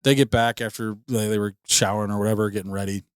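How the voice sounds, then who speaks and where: Low-voiced man telling a story. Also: fairly even intonation, quick pace, smooth, dry recording, studio quality. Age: 30s. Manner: laughing, rambling storyteller with many restarts. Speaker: podcast co-host. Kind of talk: casual storytelling chat.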